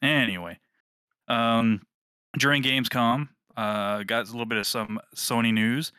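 A man's voice: mid-range voice, fairly even intonation, a little slow, bright, forceful tone, clear, resonant tone, no echo, studio quality. A man in his thirties co-hosting a gaming podcast, laughing often and swearing casually. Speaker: podcast co-host. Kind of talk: casual chat.

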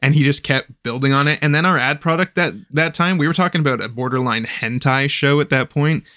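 A man's voice: a little high, fairly quick, bright, forceful tone, dry recording, studio quality. A man co-hosting a comedy podcast, chatting casually and laughing as he recounts old bits. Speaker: podcast co-host. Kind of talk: casual chat.

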